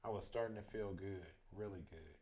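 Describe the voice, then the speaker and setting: Man narrating a bedtime story; lowish, steady, expressive. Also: moderate pace. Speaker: storybook reader.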